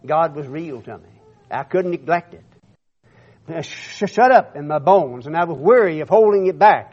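High-voiced man preaching from scripture. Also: dull audio. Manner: declaiming scripture with rising force, stammering repeats. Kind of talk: sermon reading scripture with commentary.

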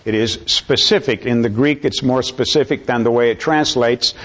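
A man preaching a sermon in an unhurried, earnest way, drawing in his listeners. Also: mid-range voice, a bit bright. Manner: unhurried, earnest, calls for amens. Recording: slightly dull lo-fi recording.

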